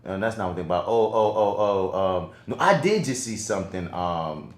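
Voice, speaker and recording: A man co-hosting a podcast, chatting casually about movies in an animated, slangy way. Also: on the low side, a little fast. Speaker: podcast co-host. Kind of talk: casual movie review chat. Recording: roomy echo.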